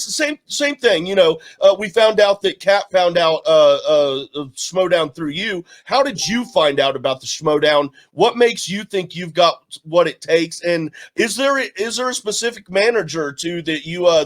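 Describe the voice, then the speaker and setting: A man hosting a casual interview, asking questions in a halting, stammering way. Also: high voice. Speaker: host.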